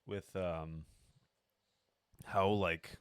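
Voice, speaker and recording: A man's voice: sits low, steady tone, extremely slow, clean tone, dry recording. A man co-hosting a podcast, giving brief laid-back replies and laughing easily in casual banter. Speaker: podcast co-host.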